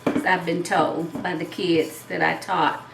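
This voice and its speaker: A Southern woman hosts a home cooking demonstration, taking her time and talking through each step. She sounds a little way off from the mic in a roomy home kitchen, with dishes and utensils clinking quietly behind her. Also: fairly low pitch, little pitch movement, measured pace, gravelly, recorded from a distance, slight background noise. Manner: chatty, step-by-step explaining. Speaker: cooking show host.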